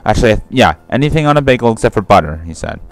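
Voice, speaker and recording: A man's voice: fairly low pitch, sing-song, fast, dry recording, soft background music. Rambling, profane young gaming commentator man. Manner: rambling, profane, self-correcting. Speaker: let's play commentator. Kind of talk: casual rambling gameplay commentary.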